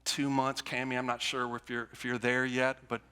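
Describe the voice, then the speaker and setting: A man's voice: mid-range voice, monotone, normal speed, pushed and bright, clean tone. A male pastor preaching a conversational sermon, repeating phrases and restarting as he builds his points. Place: church sanctuary. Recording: long church hall reverb.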